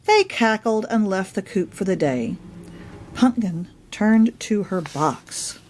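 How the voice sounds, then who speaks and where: A woman reading her own children's picture book aloud in an expressive storytelling manner. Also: mid-range voice, slow, a little hiss or hum.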